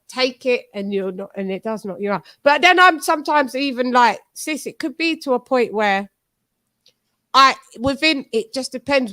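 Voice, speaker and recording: A woman's voice: a little high, fairly bright tone, no echo. A woman from East London with a Cockney accent, hosting a boxing channel in casual, rambling, slang-filled chat. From East London, England.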